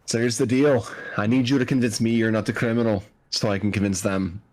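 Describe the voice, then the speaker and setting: A man voicing a gruff male public defender with a put-on brogue, bluntly calling everyone lad. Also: lowish voice, fairly even intonation, brisk, a little mellow, natural voice, rough recording. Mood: impatient. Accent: put-on Scottish-style brogue.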